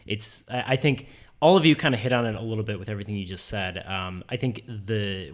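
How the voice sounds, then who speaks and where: Guy hosting a panel, kinda low voice, lots of ums and hedging. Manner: hesitant, full of ums and hedges. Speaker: host. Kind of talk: moderating a panel discussion.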